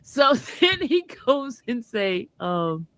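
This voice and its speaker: A woman trial vlogger spins a story for her viewers in a casual, chatty way, often breaking into laughter and calling them y'all. Her voice sits a little high and sounds close and dry, with no room echo. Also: big pitch swings, takes it slowly, fairly bright tone.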